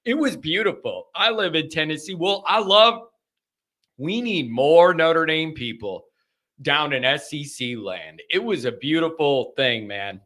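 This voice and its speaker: A man hosting a live sports call-in stream, rambling and animated. His voice sits a little high, with a bright, forceful edge, and he keeps circling back to the same phrases. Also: a little slow. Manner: animated, rambling, repeats himself.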